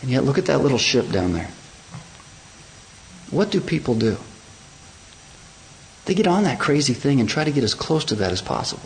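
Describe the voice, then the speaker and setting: A man preaching a sermon, building from calm teaching to loud, high-pitched emphasis and then a hushed prayer. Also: normal speed, vocal fry, long pauses, a little hiss or hum, low-quality recording. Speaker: pastor.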